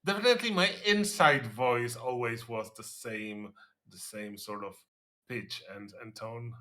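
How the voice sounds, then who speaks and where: A man with a nasal voice and a bright, forceful tone chats on a stream. He speaks in stops and starts, often restarting his sentences. His pitch sits in the middle. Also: measured pace. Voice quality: nasal, low voice. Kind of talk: casual stream chat.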